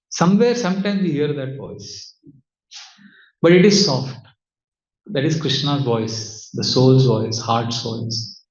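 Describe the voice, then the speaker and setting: A man teaching as a spiritual speaker, giving a devotional talk with audience questions in a measured way, asking rhetorical questions and answering them himself. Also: medium pitch, lively intonation, darkish tone. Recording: roomy, slightly dull sound.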